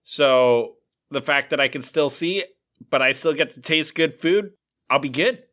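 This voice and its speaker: A man's voice: medium pitch, unhurried, bright, forceful tone. A man co-hosting a casual podcast, telling a rambling story with lots of filler words. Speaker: podcast co-host. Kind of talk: casual chat.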